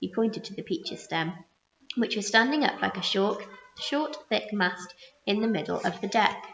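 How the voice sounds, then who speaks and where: A woman teacher reading a children's story aloud with expressive storytelling. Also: medium pitch, normal speed, vocal fry, slight background noise. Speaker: primary school teacher. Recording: roomy muffled recording.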